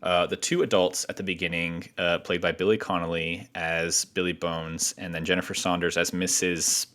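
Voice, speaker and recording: A man's voice: low voice, flat delivery, normal speed, fairly bright tone. A man co-hosting a casual film podcast, chatty, with lots of fillers and restarts. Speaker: podcast co-host.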